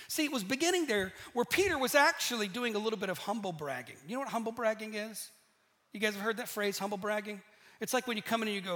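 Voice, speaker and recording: High, bright-voiced male preacher. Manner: lively storyteller, asks the listeners questions. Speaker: pastor. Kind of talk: sermon with scripture reading.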